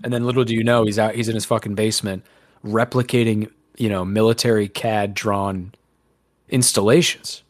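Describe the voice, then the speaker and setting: A man's voice: fairly low pitch, flat delivery, normal speed, no echo, clean studio sound. A man hosting a podcast in casual chat, rambling and sarcastic, swearing casually. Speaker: podcast host.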